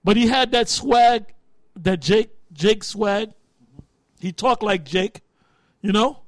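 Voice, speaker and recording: A man's voice: high voice, slow, no room sound. A man leading a group study in a casual preaching style, talking bluntly with street slang and profanity, often stopping to hunt for a word. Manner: loses words and restarts while thinking aloud.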